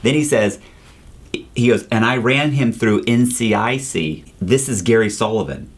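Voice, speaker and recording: A man being interviewed, telling his story in a casual, animated way, acting out what others said and swearing freely. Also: fairly low pitch, moderate pace, slightly rough. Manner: animated, profane storytelling, acts out quoted voices, says "bro". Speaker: interview guest, former con man.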